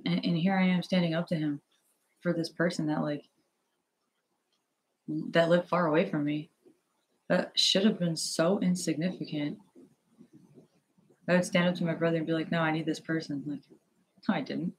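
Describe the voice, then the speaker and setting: A man's voice: a little high, flat delivery, breathy edge, poor audio. A young man in a personal vlog, talking in a nervous, hesitant, rambling way, full of fillers and restarts, recorded on an earphone headset at home. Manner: halting, rambling, filler-heavy. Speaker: vlogger.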